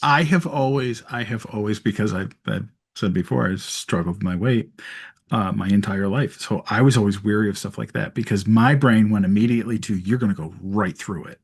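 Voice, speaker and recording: Casual podcast guest: a man with a husky voice, chatty storyteller. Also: on the low side, a little fast. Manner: storytelling with laughs and many restarts. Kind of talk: casual chat.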